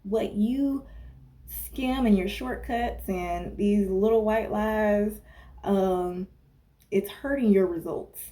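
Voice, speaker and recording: A woman's voice: medium pitch, takes it slowly, mellow. A woman wellness coach and former personal trainer giving casual fitness advice in a chatty way, often checking in with "okay?" and wandering off on asides. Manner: chatty, tags points with "okay?", digresses and laughs at herself. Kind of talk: casual talking-head advice monologue.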